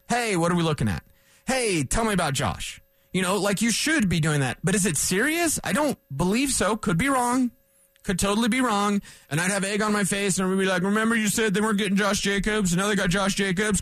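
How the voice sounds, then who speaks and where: Sex: man. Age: 40s. Role: sports talk radio host. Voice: high, lively. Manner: rambling, self-correcting. Mic: dry studio. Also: no echo. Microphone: studio microphone.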